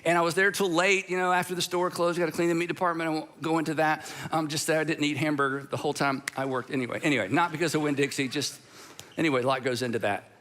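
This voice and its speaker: A man's voice: fairly high pitch, fairly even intonation, fast talker, fairly bright tone. A man from Georgia in the United States preaching a sermon as pastor, telling stories in a conversational way with humorous asides. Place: church auditorium.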